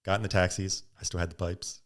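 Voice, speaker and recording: A man's voice: deep voice, quick pace. A middle-aged man, a podcast guest, telling a story in casual talk and acting out the quotes with bursts of laughter. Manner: animated, acts out quotes with laughs.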